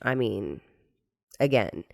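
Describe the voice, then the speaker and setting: A woman's voice: rumbling low, expressive, slow, creaky, dry recording. A woman co-hosting a podcast in casual chat, making dry, teasing remarks about her husband. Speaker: podcast co-host.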